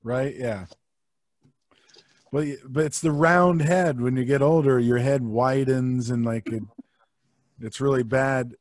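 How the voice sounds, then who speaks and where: A man guest on a podcast, chatting in a loose, jokey way at a medium pitch. His voice sounds close and dry, with no room echo. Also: steady tone, a little slow, a little mellow. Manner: jokey, sings snatches of songs. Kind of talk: casual chat.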